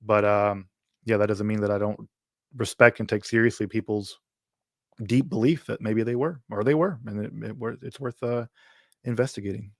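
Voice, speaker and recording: A man's voice: on the low side, fairly even intonation, moderate pace, vocal fry, dry recording, studio quality. A man from Mississippi hosts a livestream Q&A, speaking thoughtfully with many fillers and restarts. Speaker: host answering viewer questions.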